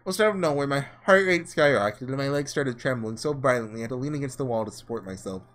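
A man voicing an earnest, principled young ruler, reading in a measured, formal way. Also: mid-range voice, a bit bright, lightly acted.

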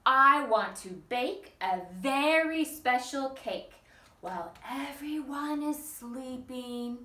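Female storytime reader, slow sing-song delivery, coaxing little kids to join in; slightly high voice. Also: expressive, pushed and bright. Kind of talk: reading a picture book aloud to young children. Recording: echoey room, mic at a distance.

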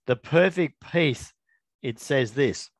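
An earnest middle-aged man talks through a Bible verse in a relaxed devotional, chatty and self-correcting. His voice sits at an ordinary pitch. The sound is dry and close, with no room echo. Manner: earnest, chatty, self-interrupting, reads scripture slowly. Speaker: Bible teacher. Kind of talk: informal devotional talk to camera.

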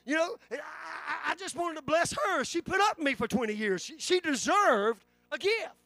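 A man's voice: extremely high pitch, lively intonation, normal speed, gravelly, pushed and bright, no echo. A man, preaching a sermon in a church with fervent delivery and frequent restarts. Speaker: pastor. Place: church sanctuary.

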